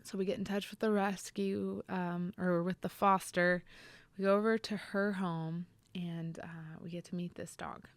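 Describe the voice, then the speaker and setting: Woman podcast host, slightly low voice, earnest and halting, speaks close to a dry mic. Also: flat delivery, no room sound. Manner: earnest, reflective, halting with many fillers. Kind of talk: personal storytelling on a podcast.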